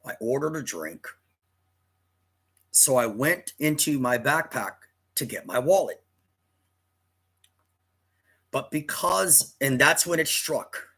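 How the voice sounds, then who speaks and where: A man spinning a rambling, dramatic personal tale, doubling back to fix his words as he goes. His voice is husky and mid-pitched. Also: a bit bright. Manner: rambling, dramatic, self-correcting. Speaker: storyteller. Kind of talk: casual personal storytelling.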